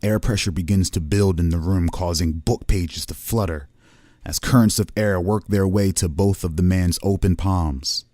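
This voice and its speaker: A man's voice: low-pitched, normal speed, mellow, no room sound, studio quality. A man narrating a tabletop game as game master, describing each scene like a camera at work. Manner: cinematic, descriptive scene-setting.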